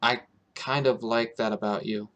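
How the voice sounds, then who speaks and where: A man reading the lines of a shy, bashful teenage girl from a visual novel, soft-spoken and halting. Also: mid-range voice, steady tone, soft background music, close to an everyday voice.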